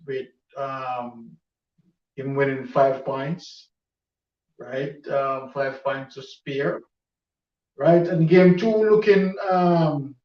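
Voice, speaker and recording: A man's voice: mid-range voice, steady tone, extremely slow. A man hosting a casual live show, bantering playfully and protesting teasing. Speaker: host. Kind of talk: casual chat. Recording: echoey, distant, dull audio.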